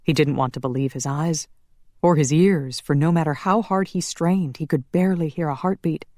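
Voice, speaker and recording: A woman narrating a paranormal romance audiobook in a measured, steady way. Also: deep voice, dry recording, studio quality.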